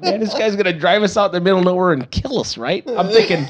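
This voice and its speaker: A man, a podcast guest telling profane, animated stories with frequent laughter. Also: high-pitched, fast, hardly any pauses. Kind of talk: casual storytelling.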